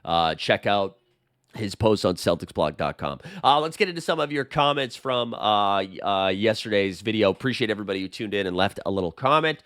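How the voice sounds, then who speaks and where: A man with a Boston accent hosting a casual sports chat, his voice hoarse from being sick, talking in a rambling way with lots of fillers. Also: on the low side, expressive, a little fast, a bit bright, dry recording, clean studio sound. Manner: chatty, rambling with many fillers. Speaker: sports channel host.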